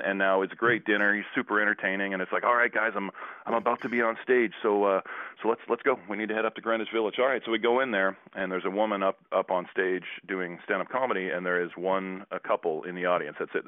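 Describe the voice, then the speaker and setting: A man's voice: low-pitched, no room sound. A man from Canada, a guest telling a long casual anecdote with restarts and acted-out quotes. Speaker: guest, former basketball player. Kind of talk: casual storytelling. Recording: tinny phone line, dry.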